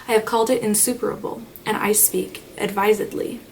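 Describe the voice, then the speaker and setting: A woman voicing a stern male solicitor, speaking each word distinctly, calmly and steadily. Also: medium pitch, a little fast, lightly acted. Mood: firm. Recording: slightly distant mic, faint noise.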